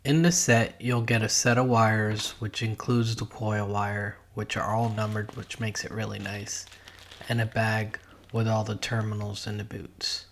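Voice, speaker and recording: Middle-aged male DIY host, lowish voice, plain step-by-step voice-over. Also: flat delivery, a little slow, fairly bright tone. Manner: plain, matter-of-fact step-by-step explaining. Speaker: DIY car channel host. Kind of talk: voice-over narration of a DIY car project.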